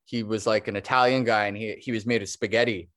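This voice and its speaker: A man's voice: lowish voice, fairly even intonation, fast talker, a bit bright. A man talking as a guest on a podcast interview, rambling and restarting his sentences, laughing easily. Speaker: guest, stop-motion animator.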